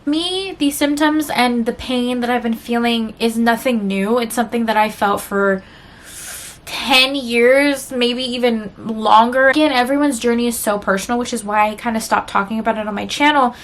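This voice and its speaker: A woman's voice: fairly high pitch, moderate pace. A woman vlogger talking candidly and emotionally to her viewers in a rambling, confessional chat full of fillers. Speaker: book vlogger.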